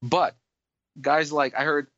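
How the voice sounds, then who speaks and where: A man's voice: a little high, fairly even intonation, slow pace, pushed and bright, dull audio. A man from New York, a dentist guest on a podcast, telling a rambling story in casual chat with many restarts.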